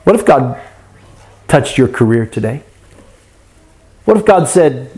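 A man's voice: medium pitch, sing-song, slow pace, a little mellow. A man preaching a sermon, earnest, asking the congregation rhetorical questions and acting out their complaints.

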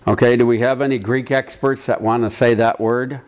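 A man leading an informal Bible study, talking through a passage in a conversational, halting way and checking in with his listeners. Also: medium pitch, fairly even intonation, a little mellow. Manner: conversational, halting, quizzes the room. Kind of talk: informal Bible teaching to a group.

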